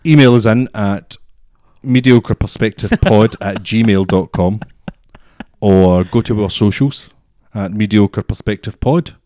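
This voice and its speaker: A man's voice: lowish voice, measured pace, mellow, no room sound, studio quality. A young man co-hosting a podcast, telling stories bluntly and swearing freely. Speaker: podcast co-host. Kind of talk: casual chat.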